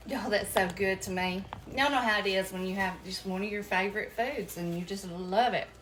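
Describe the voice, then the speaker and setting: A woman's voice: mid-range voice, normal speed, a bit bright, a little hiss or hum. A woman chatting folksily with viewers as she cooks at home, calling them y'all. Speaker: home cooking vlogger. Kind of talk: casual chat while cooking. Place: home kitchen.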